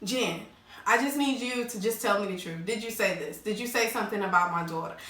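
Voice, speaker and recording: A woman recapping a reality show in a casual, slangy, animated way, acting out quotes in changing voices. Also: medium pitch, a little fast. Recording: roomy echo, distant mic.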